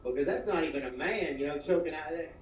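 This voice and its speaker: A man doing rambling, deadpan stand-up comedy, filling his lines with "you know.". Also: on the high side, fast talker. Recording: echoey, distant, dull, noisy live room.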